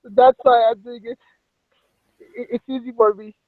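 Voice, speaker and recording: A man's voice: very high voice, level tone, no echo, phone-quality sound. A man on voice chat putting on a Pakistani accent and a fake crying voice, playing a pleading, nervous immigrant. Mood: whiny. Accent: put-on Pakistani accent. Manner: whimpering, pleading, halting. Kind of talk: voice chat prank role-play. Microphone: phone in a voice chat.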